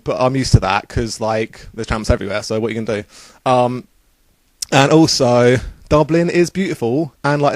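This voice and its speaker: In a casual travel vlog, a young man with a medium-pitched, darkish voice talks through a trip. He's upbeat and rambling, using plenty of fillers. There's no echo on the audio.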